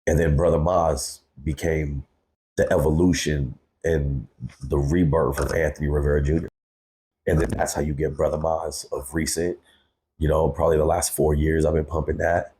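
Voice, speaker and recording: A man's voice: a bass voice, level tone, normal speed, dark tone, slight background noise. A man in his thirties, a guest on a podcast, telling a personal story candidly, cursing freely and calling people bro. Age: 30s. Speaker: guest, hip-hop artist.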